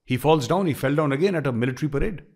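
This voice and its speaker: A man's voice: on the high side, very fast, darkish tone. A middle-aged man with an Indian accent, giving emphatic opinion commentary and repeating phrases for stress.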